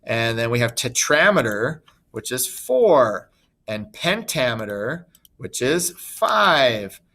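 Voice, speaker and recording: A man teaches a recorded lesson at an unhurried pace, with a mid-pitched voice. He talks casually and drops in chatty asides. Keyboard typing is heard behind him. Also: very animated, bright, forceful tone. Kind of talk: recorded screen-share lesson.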